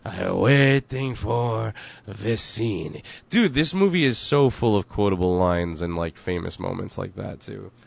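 A young man co-hosting a podcast in casual chat, excitable, laughing often and acting out quotes. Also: fairly low pitch, unhurried, creaky. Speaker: podcast co-host.

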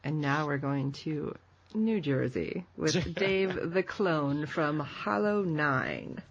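A woman's voice: sits low, lively intonation, slow pace, husky, lo-fi sound. A woman hosting a casual group podcast, upbeat and laughing often as she introduces her guests. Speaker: podcast host.

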